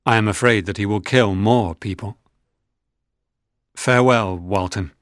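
A man's voice: lowish voice, unhurried, no room sound, studio quality, natural voice. A man voicing a weak, dying man in a storybook reading, speaking faintly.

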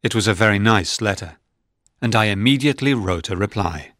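Male storybook narrator, measured and plain, low pitch, dry close audio. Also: a bit bright, dry recording.

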